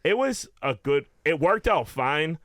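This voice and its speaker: A man's voice: on the high side, sing-song, measured pace, a bit bright, no echo. A young man from Pittsburgh co-hosting a podcast, telling rambling stories in casual chat and swearing often. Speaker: podcast co-host.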